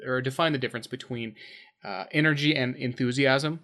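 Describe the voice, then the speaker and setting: A man's voice: medium pitch, a little fast, a bit bright. A man co-hosting a casual podcast chat, thoughtful and hesitant, with many fillers. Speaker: podcast co-host.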